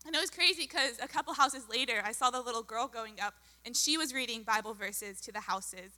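A woman's voice: a little high, brisk, pushed and bright. A young adult woman sharing a chatty, bubbly testimony as a mission volunteer. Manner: bubbly, chatty with many fillers. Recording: hall reverb.

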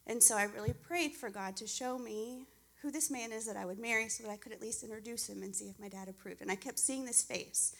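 A woman's voice: a little high, fairly quick, gravelly, few pauses, fairly bright tone. A woman in her forties giving a heartfelt personal testimony at a church service. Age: 40s. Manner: earnest, heartfelt storytelling.

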